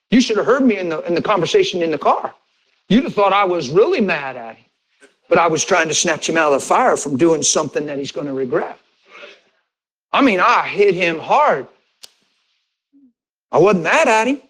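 A male pastor preaching a sermon, telling a personal story in a conversational way and acting out conversations with bursts of laughter. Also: rough recording. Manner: animated, re-enacts conversations with rising pitch and bursts of laughter; conversational, direct address to congregation.

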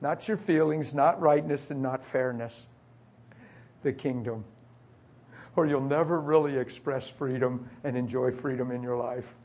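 A man's voice: mid-range voice, fairly even intonation, a little slow, darkish tone. A middle-aged man preaching, telling an emotional personal testimony in a confessional way. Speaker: pastor.

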